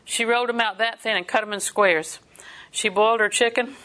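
A woman's voice: on the high side, fairly even intonation, brisk, a bit bright. An older woman preaching a sermon, telling folksy family stories and laughing often between points.

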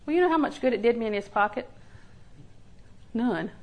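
A woman's voice: fairly high pitch, expressive, moderate pace, poor audio. An older woman preaching a sermon in a folksy storytelling way, acting out little quotes and laughing along. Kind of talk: sermon with homey stories.

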